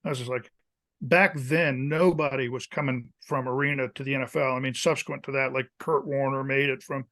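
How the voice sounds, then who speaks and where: In a mid-range voice, a bit on the fast side, a man in his fifties who kicked in college chats on a podcast. He spins relaxed, animated stories and plays the part of each coach he quotes.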